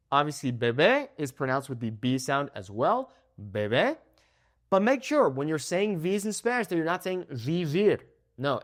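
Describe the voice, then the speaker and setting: Lively young male Spanish teacher. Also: a little high. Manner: animated, frequent "okay?" check-ins. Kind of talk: pronunciation lesson.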